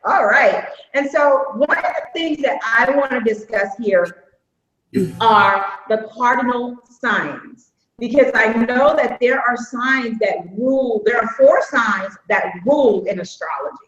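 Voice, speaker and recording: A woman's voice: fairly high pitch, unhurried, fairly bright tone, lo-fi sound. Upbeat woman hosting an echoey live stream. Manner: upbeat, chatty, folksy y'all. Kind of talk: casual live-stream chat.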